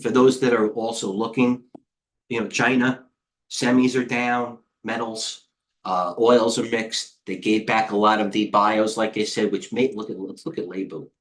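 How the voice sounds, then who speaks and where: A man coaching traders live, rambling quickly from one stock to the next and growing excitable as he goes. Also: on the low side. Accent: American. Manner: rambling, excitable, jumps between tickers. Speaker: trading coach. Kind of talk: live market commentary.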